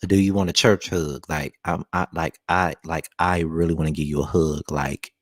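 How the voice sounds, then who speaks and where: A man's voice: very deep voice, steady tone, normal speed, dry recording, clean studio sound. A man hosting casual reaction commentary, joking and teasing bluntly with some profanity. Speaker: commentary channel host.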